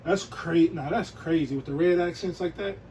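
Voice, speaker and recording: Brief: male vlogger, relaxed slangy show-and-tell, slightly raised pitch. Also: normal speed, a little hiss or hum, rough recording. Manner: laid-back, slangy, peppered with "you know what I'm saying". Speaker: sneaker and streetwear vlogger.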